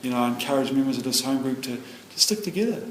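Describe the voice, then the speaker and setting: At a recovery meeting, a middle-aged New Zealand man shares personally in a rambling, heartfelt way, repeatedly circling back with "you know." His ordinary mid-pitched voice moves fast with lively intonation, echoing around the meeting room over a faint hum of ambience.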